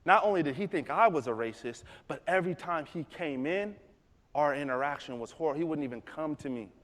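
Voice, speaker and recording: A man giving a motivational talk, telling a story in an animated, conversational way. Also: a little high, brisk. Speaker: motivational speaker. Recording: echoey hall.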